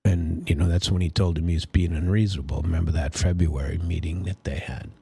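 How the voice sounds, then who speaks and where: A man's voice: low voice, steady tone, fairly quick, vocal fry, warm tone, slightly rough, no room sound, faint music behind. A man hosting a political commentary show, talking casually and rambling with many fillers and restarts. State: sleepy, yawning.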